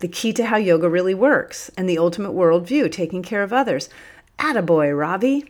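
A woman reading an audiobook, voicing a boisterous, hefty male prisoner who exclaims and jokes excitedly. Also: fairly low pitch, fairly quick, lightly acted. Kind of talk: audiobook character voice.

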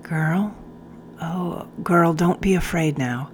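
A hushed, tender sergeant, as a woman narrator puts him on, speaking low and slow with hesitant pauses. His quiet voice sits just under the reader's own, with a little background ambience. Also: fairly even intonation, slight background noise. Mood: gentle. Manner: soft, hushed, faltering. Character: gentle, guilt-stricken male sergeant.

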